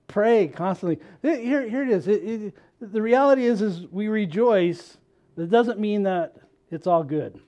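A man's voice: sits high, animated, a little slow, pauses often, mellow. A male pastor preaching a sermon in a conversational, joking way, laughing at himself now and then.

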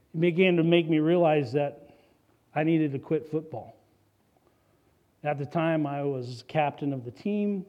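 A man's voice: mid-range voice, muffled recording. A middle-aged man preaching a sermon, telling his own story in an earnest, personal way and reading scripture aloud. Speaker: pastor.

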